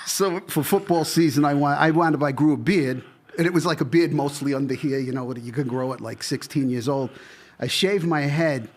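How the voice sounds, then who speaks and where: A man's voice: on the high side, normal speed. A man in casual podcast chat, reminiscing and chiming in with agreement. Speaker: podcast guest, childhood friend.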